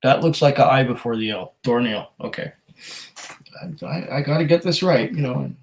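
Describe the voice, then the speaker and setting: A man's voice: medium pitch, moderate pace, vocal fry, poor audio. Easygoing man reading chat on a livestream. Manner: easygoing, chatty, lots of ums and restarts. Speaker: whisky livestream host. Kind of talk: casual live-stream chat, reading comments aloud.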